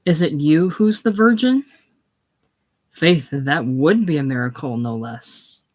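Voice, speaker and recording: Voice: mid-range voice, measured pace, close to an everyday voice. A reader voicing an anxious, scheming old farmer father in a casual play reading, uneasy and pleading. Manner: uneasy and pleading, then loudly angry.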